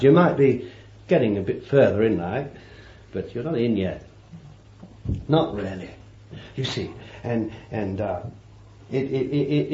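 A man preaching a sermon, swinging from loud declarations to hushed asides and repeating phrases for emphasis. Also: medium pitch. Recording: roomy, dull old sermon tape.

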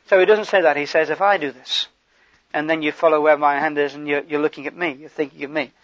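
High-voiced male preacher, muffled dry recording. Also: fast, dry recording. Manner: conversational, animated preaching with gestures and asides. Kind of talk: sermon.

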